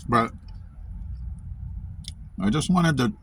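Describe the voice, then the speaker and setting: A man's voice: medium pitch, lively intonation, very slow, a bit bright. Guy from east tennessee doing a food review vlog, talks w his mouth full, faint noise behind. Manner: chatty, eating while talking, repeats himself. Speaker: vlogger.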